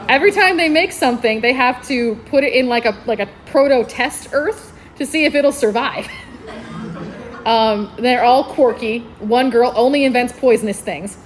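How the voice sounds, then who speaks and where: A librarian with a slightly high voice talks at a moderate pace while eagerly recommending books at a convention panel. Laughter punctuates her talk, and there's slight background noise.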